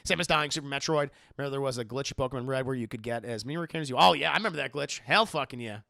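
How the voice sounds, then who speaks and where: A man chatting casually on a livestream, swearing freely and loudly imitating game lines. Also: mid-range voice, racing, vocal fry, no room sound, studio quality. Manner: profane, animated, quoting game lines in loud voices. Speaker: streamer answering viewer questions.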